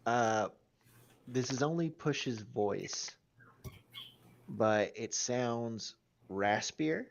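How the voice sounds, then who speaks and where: A man running a tabletop game as game master, talking slowly and deliberately. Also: mid-range voice, animated, highs cut off, a little hiss or hum. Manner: slow, deliberate, gravelly.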